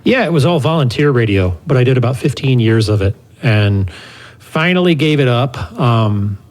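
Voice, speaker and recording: A middle-aged man co-hosting a podcast, telling stories in a relaxed, self-deprecating way. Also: medium pitch, moderate pace. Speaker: podcast co-host. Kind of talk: casual conversation.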